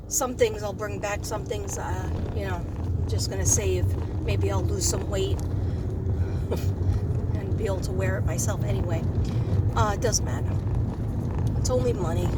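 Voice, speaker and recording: A middle-aged woman vlogging from her car, rambling in a scattered, self-mocking way. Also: medium pitch. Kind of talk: rambling casual vlog chat. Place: inside a parked or moving car. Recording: car noise behind the voice.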